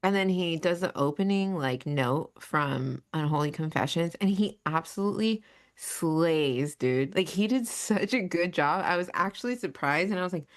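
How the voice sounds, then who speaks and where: A woman co-hosting a casual podcast, telling stories in an animated way and laughing often. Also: on the low side, normal speed. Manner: animated storyteller, says dude a lot, laughs often. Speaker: co-host.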